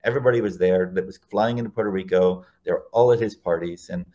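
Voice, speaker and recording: A man in a relaxed interview, recounting his story at length as a guest. His voice sits on the lower side, and he rambles, circling back and rephrasing as he goes. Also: fast. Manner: rambling, self-correcting anecdotes.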